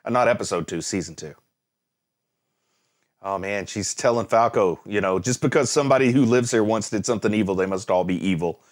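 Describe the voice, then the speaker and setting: Here a man reacts to anime in a lowish voice that runs a little fast. Casual chatter gives way to exclamations and laughter at the screen, and then he ponders things aloud.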